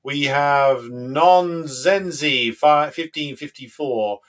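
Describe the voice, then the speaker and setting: A man's voice: on the high side, slow. A man hosting a live political stream, talking in an emphatic, combative way with frequent fillers. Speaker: host of a political livestream.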